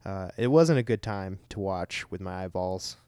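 A man's voice: low-pitched, expressive, moderate pace, mellow, smooth, no room sound, clean studio sound. A young man co-hosting a podcast, chatting casually in a rambling, joking way. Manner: rambling, laughing, self-deprecating. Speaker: podcast co-host. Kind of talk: casual chat.

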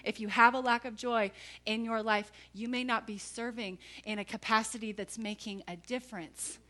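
A woman preaching a sermon, telling a lively personal story with emphatic asides to the congregation. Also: fairly high pitch, normal speed.

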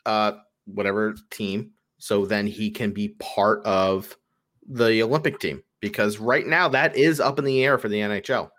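A man co-hosting a podcast, chatting casually about sports with many fillers, getting animated when he tells a story. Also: on the low side, moderate pace. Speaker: podcast co-host.

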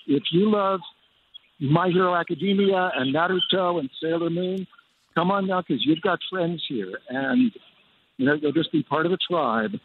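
A man reporting enthusiastically by phone from a busy convention floor. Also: sits high. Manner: upbeat, enthusiastic. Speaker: film critic reporting live. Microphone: phone line. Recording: tinny phone line with crowd hum.

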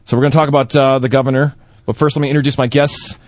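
A man's voice: mid-range voice, little pitch movement, rapid-fire, darkish tone, dry recording. A man hosting a live talk radio show from a studio mic, playful and teasing, laughing often as he banters with guests. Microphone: studio broadcast mic.

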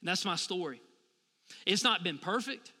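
A man's voice: sits high, lively intonation, normal speed, sharp tone, breathy edge, in a large hall. A man in his thirties preaching a sermon as a pastor, talking conversationally and asking the congregation for responses.

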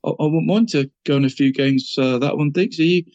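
A man's voice: a little high, a little fast, a little mellow, dry recording, lo-fi sound. A middle-aged man co-hosting a football show, rambling and putting "mate" after every phrase. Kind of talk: casual football chat.

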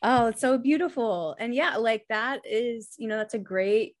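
A woman co-hosting a podcast, chatting in an effusive, enthusiastic way with quick affirmations. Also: fairly high pitch. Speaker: podcast co-host. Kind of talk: casual chat.

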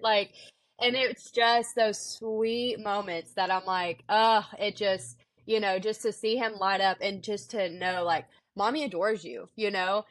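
Soft-spoken young woman, dry sound. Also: mid-range voice, steady tone, measured pace, no echo. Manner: soft-spoken, sweet, many fillers. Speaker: podcast co-host. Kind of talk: casual chat.

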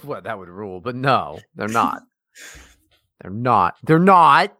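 Animated, foul-mouthed male podcast co-host. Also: fairly low pitch, takes it slowly. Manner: profane, mocking, teasing. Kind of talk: casual podcast banter.

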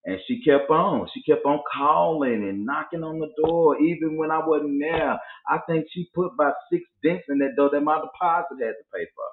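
A man's voice: fairly high pitch, normal speed, hardly any pauses. A man hosting a casual talk show tells his stories with lots of animation, jumping into other people's voices as he goes. His sound is thin and phone-like, with a noticeable echo from the room around him. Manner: animated storyteller acting out voices. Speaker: podcast host. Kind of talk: casual chat. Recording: tinny phone-like audio in an echoey room.

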